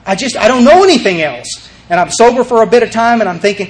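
Animated older man telling his story. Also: high-pitched, fast, few pauses. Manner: animated storyteller, acts out voices, many restarts. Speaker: speaker sharing his recovery story. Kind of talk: recovery meeting talk.

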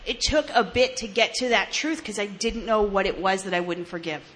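A woman from New Jersey, US, in her 30s, talks frankly about her own recovery in candid testimony, blunt and swearing, with restarts and laughs. Her medium-pitched, slightly bright voice moves at a moderate pace, with a little hiss or hum in the recording.

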